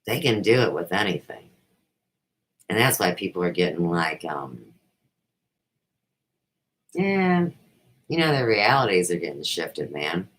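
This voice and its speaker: A woman's voice: very deep voice, big pitch swings, measured pace, pauses often, a bit bright, poor audio. A middle-aged woman hosting a talk show, delivering a rambling, emphatic monologue. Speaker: host.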